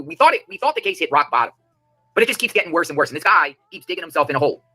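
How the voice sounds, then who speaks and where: A man hosting a live stream, giving fast, emphatic, indignant commentary. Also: sits high, pushed and bright, husky, low-quality recording. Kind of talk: ranting commentary.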